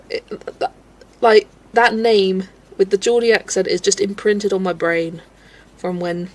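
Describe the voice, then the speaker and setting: A woman hosting a relaxed livestream, chatting and laughing with viewers as she greets them by name. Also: mid-range voice. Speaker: livestream host. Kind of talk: chatty livestream while colouring, reading chat.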